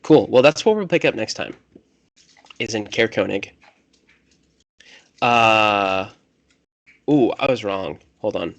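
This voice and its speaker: A man's voice: on the low side, lively intonation, takes it slowly, long pauses. A man running a tabletop game as game master, talking casually and correcting himself as he goes.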